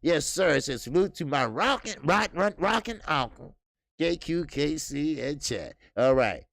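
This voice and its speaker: A man's voice: fairly high pitch, expressive, measured pace, fairly bright tone, no room sound. A man hosting a casual boxing livestream, talking loosely and profanely, reading out chat and breaking into laughter.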